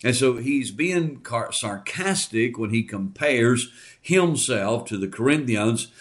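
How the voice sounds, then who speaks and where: Earnest male preacher, measured. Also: medium pitch, lively intonation. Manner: measured, earnest delivery with frequent fillers. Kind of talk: sermon with Bible reading.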